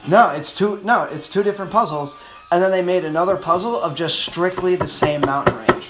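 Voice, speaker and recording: Easygoing young man, slightly high voice. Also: a little fast, echoey room, over music. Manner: easygoing, upbeat, says dude and like a lot. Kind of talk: casual chat. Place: a house.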